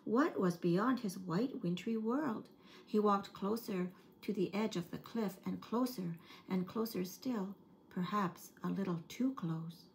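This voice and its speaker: Reading at a measured pace, a woman shares a children's picture book for an early-years program, her voice mid-pitched, soft and expressive. There's a faint hiss throughout.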